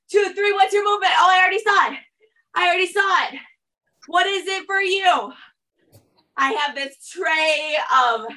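A woman's voice: high-pitched, bright, forceful tone, distant mic. Upbeat woman coaching a workout. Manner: upbeat, coaching cues, chatty asides. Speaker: fitness instructor. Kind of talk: guided workout class.

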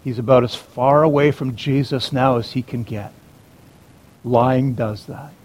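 A male pastor preaching a sermon in a dramatic way, moving between urgent emphasis and hushed, quiet passages. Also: medium pitch, fairly even intonation, a little slow.

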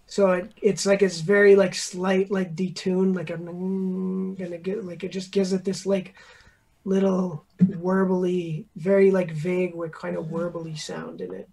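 A young man, a beat producer, explaining his process in casual chat, rambling and filling every pause with "like". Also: sits high, level tone, gravelly, darkish tone. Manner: rambling, filler-heavy, says "like" constantly.

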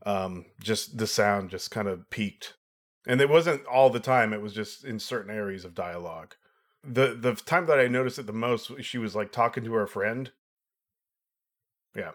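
A man's voice: lowish voice, normal speed. A man co-hosting a casual film review chat, explaining his views thoughtfully and at length. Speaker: podcast co-host.

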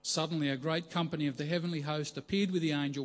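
A man preaching a measured, earnest sermon, slowing down for emphasis. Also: fairly high pitch, fairly even intonation, soft background music.

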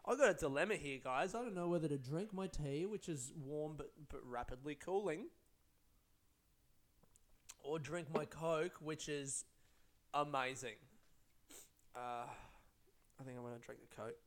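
A man's voice: a little high, a little slow, long pauses. A young man, a comedian, chatting casually and telling rambling, profane stories. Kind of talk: casual vlog chat.

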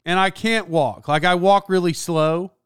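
A man's voice: high voice, steady tone, unhurried, a bit bright, clear, resonant tone, no room sound, studio quality. A man hosting a podcast, telling comic stories in an exasperated, rambling way that keeps interrupting itself. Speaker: podcast host. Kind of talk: comedic storytelling monologue.

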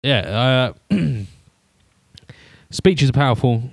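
A man co-hosting a podcast in quick, chatty casual conversation. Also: mid-range voice, expressive, vocal fry, no echo. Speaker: podcast co-host. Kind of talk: casual chat.

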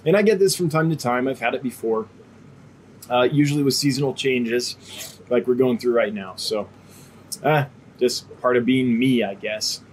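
This fish seller runs a casual live stream, chatting and rambling with plenty of filler words while sucking on a cough drop, a faint cough still hanging on. He speaks at medium pitch and a moderate pace. There's slight background noise.

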